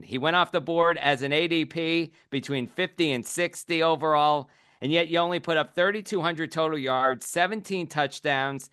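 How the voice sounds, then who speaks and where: A man's voice: on the high side, pushed and bright, clear, resonant tone. A man co-hosting a fantasy football show, talking in a casual, joking and confident way. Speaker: fantasy football podcast co-host. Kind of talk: casual sports chat.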